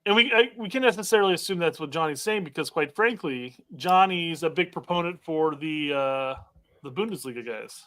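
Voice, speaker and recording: A man's voice: a little high, expressive, brisk, bright, forceful tone. A man co-hosting a casual soccer chat who reads out viewer comments in brief, matter-of-fact remarks. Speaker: podcast co-host reading viewer comments.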